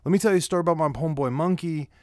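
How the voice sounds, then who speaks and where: A man's voice: fairly high pitch, racing, darkish tone, no echo, studio quality. A man telling rambling personal stories in a casual way, swearing often. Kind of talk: casual storytelling.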